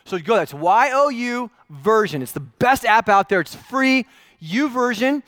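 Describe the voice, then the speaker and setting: Pastor, male, young adult, high-pitched, chatty self-deprecating sermon, dry close mic. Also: animated, a little slow, fairly bright tone, dry recording. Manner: casual, self-deprecating storytelling with filler words.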